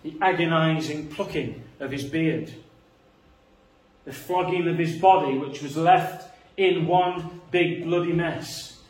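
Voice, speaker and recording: A man's voice: on the high side, slow pace. Earnest man preaching in an echoey room. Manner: earnest, shifts between quiet reflection and rising emphasis. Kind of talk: sermon. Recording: echoey room, voice a bit far from the mic.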